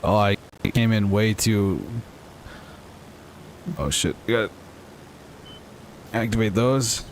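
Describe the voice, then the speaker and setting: A man's voice: on the low side, level tone, a little slow, slight background noise. A young man casually chatting and rambling to his viewers while playing a flight game on a livestream. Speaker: streamer. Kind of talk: casual gaming livestream chat.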